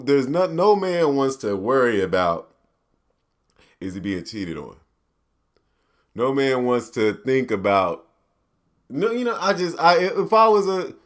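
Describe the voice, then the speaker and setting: A man hosting a podcast, ranting casually in a profane, animated way and slipping into mock quotes. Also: medium pitch. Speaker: podcast host. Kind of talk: solo ranting commentary.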